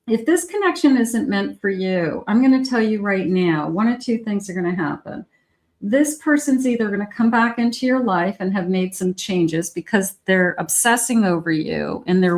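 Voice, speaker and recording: A woman giving a collective tarot reading, talking chattily and directly to the viewer. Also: medium pitch. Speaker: tarot reader.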